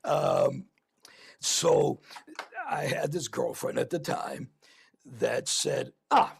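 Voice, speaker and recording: A man's voice: mid-range voice, very slow, vocal fry, pauses often, slightly rough. A man hosting a casual podcast, telling rambling anecdotes full of fillers. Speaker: podcast host. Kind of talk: casual chat, storytelling.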